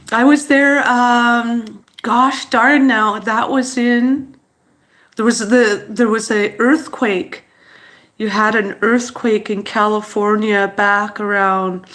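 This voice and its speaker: A teary woman, chatting slowly and haltingly on her livestream, with many fillers and apologies. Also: fairly high pitch, a bit bright. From Montreal, Canada. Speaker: channel host on a livestream. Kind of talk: casual livestream chat, reading viewer comments.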